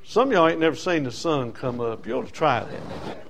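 A man's voice: fairly high pitch, animated, moderate pace, a little hiss or hum. An older man preaching a sermon, impassioned and folksy, building on rhythmic repetition.

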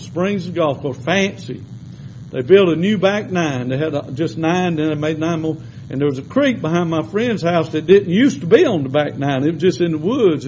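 A man preaching a sermon in a folksy storytelling way, shifting between loud exhortation and quiet asides. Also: high voice, a little hiss or hum, low-quality recording.

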